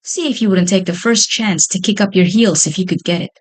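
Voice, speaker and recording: Lady doing a sly jolly pumpkin boss, soft and coaxing, kinda low. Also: lively intonation, moderate pace, natural voice. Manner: persuasive, coaxing. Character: sly jolly pumpkin gang leader, male.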